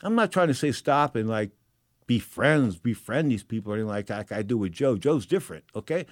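A middle-aged man from San Francisco hosting a talk radio show, telling stories in an emotional, animated way with repeated phrases. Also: medium pitch, a little fast, no echo, clean studio sound. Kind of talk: storytelling talk radio monologue.

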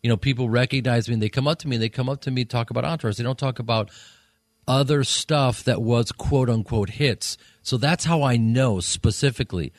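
Casting: male comic guest, mid-pitched, rambling and self-mocking, dry studio mic. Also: no echo. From Chicago, USA. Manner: rambling, self-mocking, quick to slip into voices. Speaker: comedian and actor guest. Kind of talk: casual radio interview chat. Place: radio studio.

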